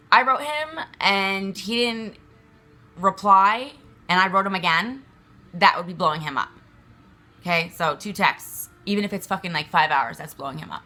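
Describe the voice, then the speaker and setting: Speaking at a moderate pace with a bright, forceful mid-range voice, a woman vlogger rants to the camera. Her delivery is agitated and emphatic, rambling, heavy on swearing and filler words.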